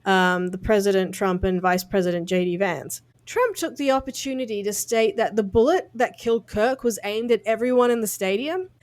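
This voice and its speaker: A woman's voice: mid-range voice, moderate pace, few pauses. A woman co-hosting a podcast, talking through news in a blunt, casual way, swearing and laughing at her own jokes. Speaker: podcast co-host.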